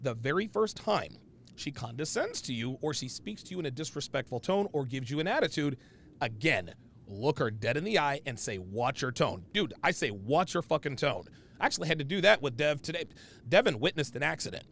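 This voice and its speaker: A man's voice: fairly high pitch, very animated, a little fast, gravelly, a bit bright, slight background noise. A man hosting a casual podcast, talking bluntly and emphatically with profanity and restarts. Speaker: podcast host.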